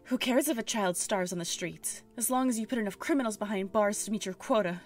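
A bitter young woman bent on revenge, voiced by a woman reading the game aloud. She sounds accusing and cold, at a plain middle pitch. Faint music plays under her. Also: a little fast, lightly acted.

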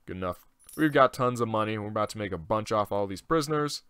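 Young male gaming host, bright, forceful voice; loose, profane, thinks out loud. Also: fairly low pitch, lively intonation, quick pace, smooth, dry recording. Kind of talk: casual let's-play commentary.

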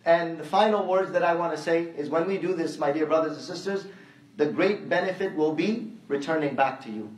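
Speaking a little fast, a man whose voice runs on the high side gives an anecdote-driven, conversational sermon, restating phrases as he argues. It was recorded in an echoey hall with the mic placed far away.

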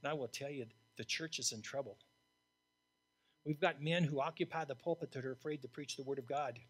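An older man, an interim pastor, preaching a sermon in a blunt, emphatic way that swings from loud to hushed. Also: mid-range voice, fairly quick, breathy edge.

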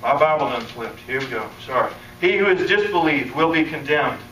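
Man preacher, animated sermon, bright high voice, echoey hall, picked up from a distance. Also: moderate pace. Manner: animated, acts out quoted voices, laughs. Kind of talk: conference sermon. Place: conference hall. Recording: echoey hall, distant mic, faint room noise.

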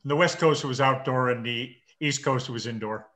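A man in his fifties, a marathon swimmer interviewed over a video call, talking with halting restarts and dry understated humor. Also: medium pitch, a bit bright. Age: 50s. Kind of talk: casual interview chat.

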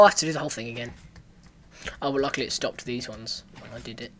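A man's voice: medium pitch, steady tone, fast talker, fairly bright tone. Man muttering over a parkour game, faint music. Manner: talks to himself, frustrated outbursts and mutters. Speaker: gaming let's player. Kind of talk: casual gameplay commentary.

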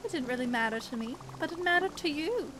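Game scene: a woman reading a young doe, soft and confiding, high voice. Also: expressive, quick pace, background noise. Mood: reflective.

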